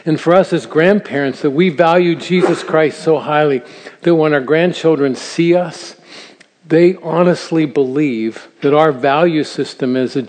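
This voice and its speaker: A man's voice: on the high side, unhurried, a little mellow. Older guy preaching to grandparents, earnest storyteller, chuckles a lot, voice ringing in a big echoey hall. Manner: earnest storytelling, chuckles at his own asides. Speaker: speaker at a church seminar for grandparents. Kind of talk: sermon-style teaching talk. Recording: long reverb of a large hall.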